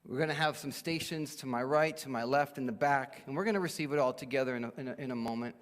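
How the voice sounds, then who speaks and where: A man's voice: mid-range voice, quick pace. Man preaching in a reverberant church. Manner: expository preaching, acts out quoted speakers. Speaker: pastor. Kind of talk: sermon. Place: church sanctuary. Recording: long church hall reverb.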